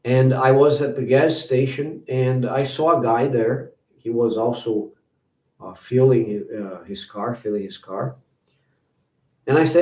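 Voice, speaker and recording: A man, hosting and telling stories in a casual, animated way, jumping higher when he quotes people. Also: measured pace. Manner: animated, acts out quoted voices in higher pitch. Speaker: host. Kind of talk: casual storytelling to viewers. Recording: roomy, from a distance.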